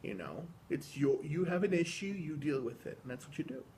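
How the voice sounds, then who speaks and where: A man's voice: fairly high pitch, animated, a little fast, a little mellow, a little hiss or hum. A man talking to camera in a personal video diary, reflective and earnest, rambling with many restarts and fillers. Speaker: vlogger.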